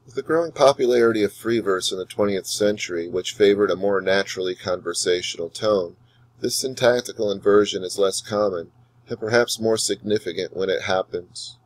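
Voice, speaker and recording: Deep-voiced man giving a poetry lecture. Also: dry recording, low-quality recording. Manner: measured, explanatory, reads verse slowly and deliberately. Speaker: English teacher. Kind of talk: recorded lecture with poetry readings.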